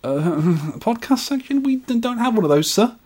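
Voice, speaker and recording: A man's voice: very high-pitched, big pitch swings, normal speed, a little mellow, breathy edge, pitched above the performer's own voice, full character voice. A man voicing a nervous, stammering shop assistant in a comedy sketch. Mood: flustered. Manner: hesitant, stammering. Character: nervous young male shop assistant, flustered.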